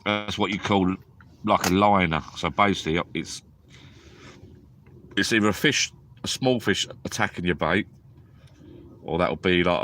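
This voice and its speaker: A man's voice: sits low, fairly bright tone, slight background noise. A tired man, chatting rambly and drowsily on a live stream from inside a small tent at a lake at night. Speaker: fishing vlogger. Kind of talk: casual live-stream chat.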